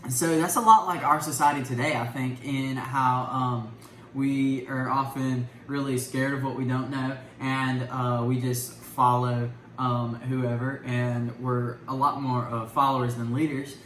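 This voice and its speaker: Teen boy, bright forceful voice, hesitant with fillers, in an echoey room with faint ambience. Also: medium pitch, level tone, a little slow, slight background noise. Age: teenager. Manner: hesitant, many ums and likes. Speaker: son sharing his takeaway. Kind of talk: casual family discussion.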